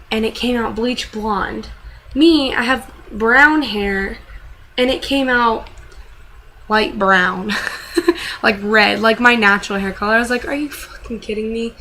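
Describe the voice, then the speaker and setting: A woman's voice: a little high, a bit bright, slight background noise, low-quality recording. A young woman vlogging casually, rambling and venting with frequent swearing and self-deprecating asides.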